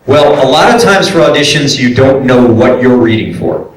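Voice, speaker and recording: A man and voice actor giving a convention panel talk, animated and acting out quoted directors and clients. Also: medium pitch, moderate pace. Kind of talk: casual panel talk with audience questions. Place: convention hall. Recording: echoey hall, voice picked up from far off.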